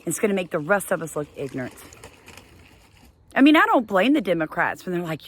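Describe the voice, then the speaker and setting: A middle-aged woman who runs a homesteading vlog scolds her viewers in an impassioned monologue to camera. She sounds exasperated and emphatic, breaking into sudden high bursts, and her voice is sing-song and fairly quick.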